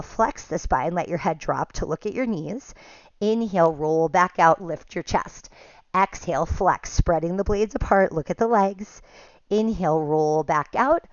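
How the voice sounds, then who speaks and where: A woman teaching a pilates class, giving calm step-by-step cues and counts, a little out of breath at times. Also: on the low side, no room sound, dull audio. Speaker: pilates instructor. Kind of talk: guided exercise class cues.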